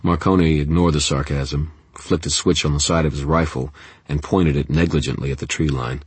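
A man narrates an audiobook in the first person, keeping a tense, steady pull through the story. His voice is extremely deep and husky. It is recorded on a close studio mic with a completely dry sound. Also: normal speed, no echo.

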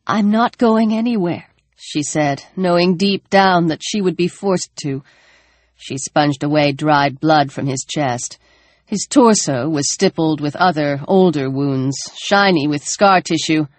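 A woman reading a novel aloud in a slow, measured, low-key narration. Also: no echo. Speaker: audiobook narrator. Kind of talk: scripted narration.

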